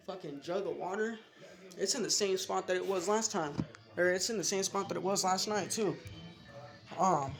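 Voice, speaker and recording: A man's voice: high voice, darkish tone. A young man in his late teens telling rambling, profane, slangy stories in a casual vlog from his bedroom. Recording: echoey room with music behind.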